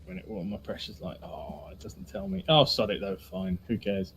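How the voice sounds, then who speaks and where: A man's voice: fairly low pitch, big pitch swings, moderate pace, gravelly, a bit bright, slight background noise. A man racing and chatting on a voice call, teasing and offhand. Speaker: racer and co-commentator. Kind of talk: casual chat while racing. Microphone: gaming mic on a voice call.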